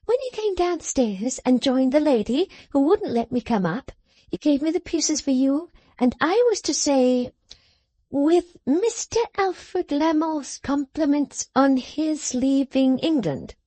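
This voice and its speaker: A woman reading an audiobook, voicing a small, sharp-tongued dressmaker with sly spite. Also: high voice, animated, slow, no room sound, voice pushed up. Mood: tart. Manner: tart, sly.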